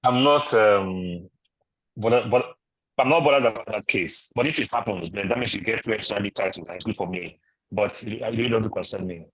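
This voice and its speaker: A man's voice: on the low side, brisk, fairly bright tone, dry recording, poor audio. A man offhandedly giving his view as a guest on a football talk show. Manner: indifferent, offhand.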